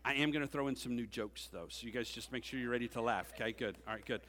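Bright-voiced joking youth pastor. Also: male voice, mid-range voice, fast. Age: 40s. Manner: joking, chatty asides to the congregation. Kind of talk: conversational sermon. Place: church sanctuary. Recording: long reverb of a church hall.

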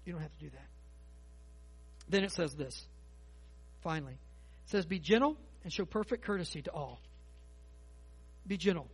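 A man preaching a sermon, folksy and animated with quick asides to the congregation. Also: a little high, breathy edge. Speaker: pastor. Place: church sanctuary.

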